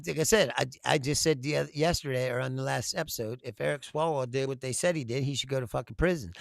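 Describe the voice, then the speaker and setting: With a mid-range voice and vocal fry, a man hosts a political commentary show, speaking bluntly with lots of swearing and frequent laughs. The recording has no echo.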